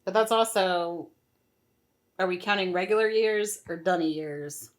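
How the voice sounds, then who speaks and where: A woman's voice: fairly low pitch, unhurried. A woman co-hosting a casual book club podcast, animatedly retelling the plot and acting out characters' lines. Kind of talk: casual chat.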